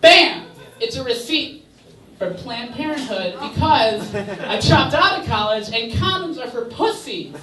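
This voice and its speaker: A man's voice: very high-pitched, expressive, normal speed. A young man doing a stand-up set in a bar, rambling with lots of filler words. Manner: rambling, filler-heavy delivery. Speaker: stand-up comedian. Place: bar comedy stage. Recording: echoey bar, distant mic, crowd.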